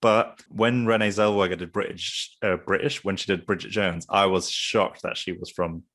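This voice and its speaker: A man's voice: low-pitched, steady tone, moderate pace, a bit bright. A man co-hosting a casual film podcast, musing and hedging his points with a self-deprecating touch. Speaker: podcast co-host. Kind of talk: casual film review chat.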